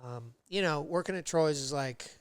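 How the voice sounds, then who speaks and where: A man guesting on a podcast, telling his work history in a rambling, casual way with many fillers, and getting animated when he retells old conversations. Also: on the high side, moderate pace, clean tone, no echo, clean studio sound. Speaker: podcast guest, metal fabricator. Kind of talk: casual interview storytelling.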